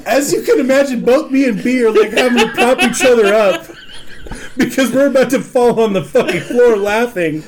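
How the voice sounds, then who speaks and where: A man's voice: very high-pitched, moderate pace, slight background noise. A man in his thirties, a podcast host, telling a profane story in casual chat, often laughing.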